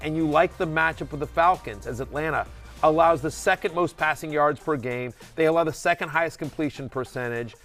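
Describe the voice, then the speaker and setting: A man's voice: on the high side, brisk, fairly bright tone, soft background music. A man hosting a casual fantasy football show, talking in loose, rambling runs with many restarts and fillers. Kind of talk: casual sports chat.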